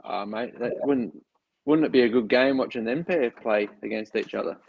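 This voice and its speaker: A man's voice: mid-range voice, moderate pace, vocal fry, husky, highs cut off. A man with an Australian accent, a podcast guest talking in a laid-back, rambling way on his phone. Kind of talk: casual chat.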